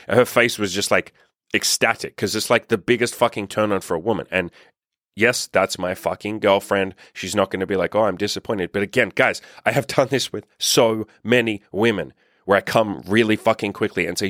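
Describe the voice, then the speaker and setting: A man's voice: lowish voice, brisk, fairly bright tone, no room sound, studio quality. A man talking as a dating coach, giving blunt, profane, emphatic advice straight to his viewers. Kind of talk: direct-to-camera advice monologue.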